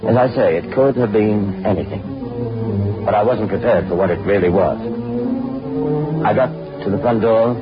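Guy playing a young crime reporter narrating, lowish voice, earnest, a bit stammery, muffled old radio play. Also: lightly acted. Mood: tense. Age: young adult. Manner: earnest, with nervous stammered restarts. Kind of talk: old-time radio drama acting. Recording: dull old radio recording with music.

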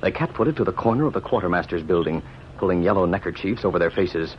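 A man's voice: low voice, fast, slight background noise. A man giving scripted dramatic narration in an urgent, declamatory way, on a muffled vintage radio recording.

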